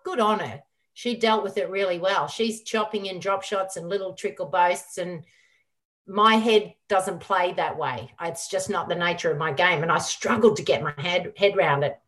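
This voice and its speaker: A middle-aged woman, a guest on an interview show, telling a lively story full of quoted dialogue. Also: fairly low pitch, moderate pace. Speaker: guest, former squash champion.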